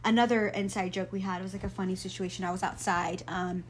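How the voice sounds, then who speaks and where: A woman guest in a casual faith conversation, telling stories in quick bursts and laughing often. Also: medium pitch, fairly even intonation, a little hiss or hum. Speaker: guest, traveling minister.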